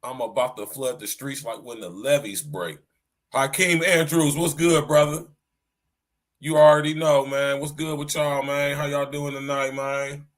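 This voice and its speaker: A man hosting his own podcast, talking loud and casual in a slangy style, coughing now and then and saying "man" at the end of nearly every line. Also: medium pitch, steady tone, a little slow. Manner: loud, slangy, repeats "man" and "you know what I'm saying". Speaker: podcast host.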